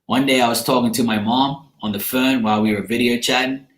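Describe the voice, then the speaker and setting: A man who reads tarot cards winds down a draining day by chatting with viewers on his stream, foul-mouthed, frank and playful. The voice sits at medium pitch with fairly even intonation and a slightly quick pace, heard in an echoey room.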